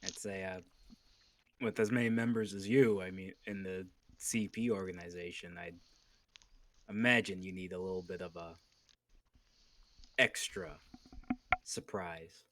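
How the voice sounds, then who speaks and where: Deep-voiced joking male player. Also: fairly even intonation, unhurried, pauses often, a bit bright, slight background noise. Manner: playful, joking. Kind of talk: tabletop game play.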